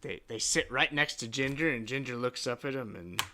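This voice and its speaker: A man's voice: medium pitch, normal speed, background noise. A man narrating a tabletop game as game master, in a casual, loose style with many fillers.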